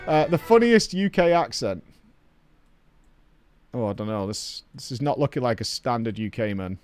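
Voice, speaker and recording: A man's voice: mid-range voice, animated, normal speed, pauses often, a little mellow, soft background music. A man with a Northern English accent, chatting casually as he streams a game, swearing freely and rambling in banter. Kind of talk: casual live-stream commentary.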